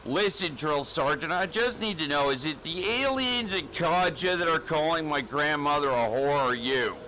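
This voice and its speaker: A man's voice: a little high, normal speed, sharp tone, slight background noise, rough recording. A man playing a timid, whiny recruit in a comedy spoof, stammering and pleading nervously.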